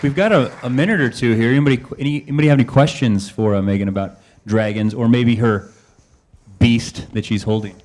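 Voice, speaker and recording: A man moderates a college panel, thanking one speaker and briskly bringing on the next. An audience murmurs faintly around him. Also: medium pitch, darkish tone, a faint crowd. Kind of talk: event hosting.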